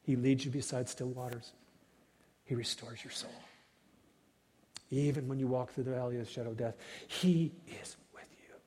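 A man preaching a sermon as pastor, rising to loud cries and falling to hushed whispers. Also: mid-range voice, flat delivery, fairly quick, pauses often, slight background noise. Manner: dynamic preaching, swells loud then drops to whispers. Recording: long hall reverb.

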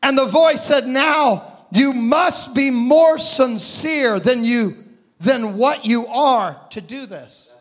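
A man preaching a sermon, retelling a vision with impassioned, shouted peaks and slow, drawn-out phrases. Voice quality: high, ringing voice that rises into shouts.

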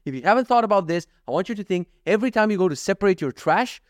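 A man's voice: sits high, expressive, very fast, no room sound, studio quality. A man hosting a casual solo podcast, ranting in an exasperated, profane way and often saying "dude". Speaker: podcast host.

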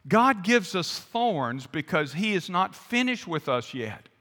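A man's voice: high voice, big pitch swings, slow pace, sharp tone. A man pastor preaching a conversational sermon, quizzing the congregation. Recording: long hall reverb.

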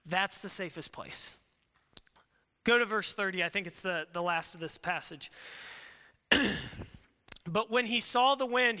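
A man preaching a sermon in a casual, animated way, often acting out quoted voices. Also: very high-pitched. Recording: long hall reverb.

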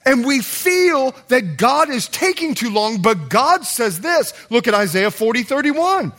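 A man preaching a sermon as pastor, swinging from loud calls to hushed low lines. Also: very animated, unhurried, few pauses. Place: church.

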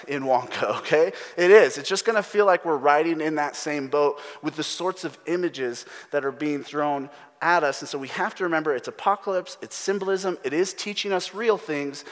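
Male pastor, slightly high voice, animated storyteller, sermon recorded with long hall reverb.

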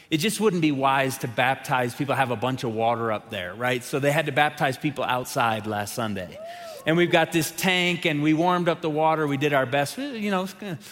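A man preaching a sermon to his congregation, telling stories with lively quoted voices before reading scripture. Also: fairly high pitch. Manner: lively, animated storytelling with quoted characters. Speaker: pastor. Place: large church sanctuary. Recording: long hall reverb.

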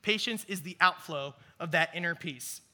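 High, bright-voiced young preacher. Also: male voice, normal speed. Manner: energetic storytelling, animated and self-mocking. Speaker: youth ministry teacher. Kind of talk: youth sermon with personal story.

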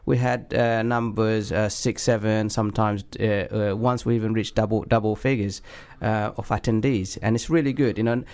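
Hesitant male radio host, lowish voice. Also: darkish tone, clean tone. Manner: hesitant, many fillers and restarts. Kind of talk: community radio talk show. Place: radio studio.

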